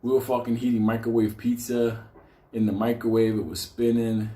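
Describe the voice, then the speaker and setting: A man's voice: mid-range voice, flat delivery, moderate pace, mellow, reverberant. A man telling a story casually, swearing constantly and laughing between lines. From New York.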